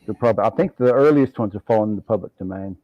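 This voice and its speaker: Man, casual video chat, agreeable, mellow tone, muffled call mic. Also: lowish voice, racing, dry recording. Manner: relaxed, agreeable, fills gaps with mm-hmm.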